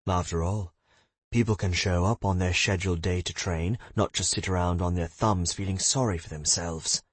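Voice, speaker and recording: A man's voice: sits low, steady tone, moderate pace, slightly rough, dry recording. A man voicing a blunt guild fighter who talks sternly and lectures. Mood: lecturing.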